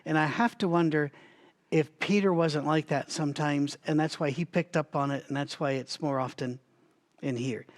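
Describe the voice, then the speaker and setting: A man's voice: on the high side, steady tone, normal speed. A man leading a Bible study in a conversational teaching style, thinking aloud with asides and restarts, and coughing now and then. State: has a recurring cough.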